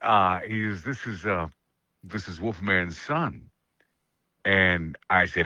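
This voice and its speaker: A man hosting a radio chat, telling jokey stories in an animated way. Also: sits low, no echo. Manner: animated, jokey, quick asides. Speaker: radio host. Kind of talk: casual storytelling chat.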